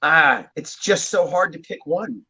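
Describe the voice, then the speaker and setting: A man's voice: on the high side, lively intonation, unhurried, bright, forceful tone, slightly rough. A man from New Jersey, a drummer guest, telling stories in a casual, rambling way and chuckling often. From New Jersey, USA. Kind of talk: casual interview chat. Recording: dull, muffled lo-fi sound.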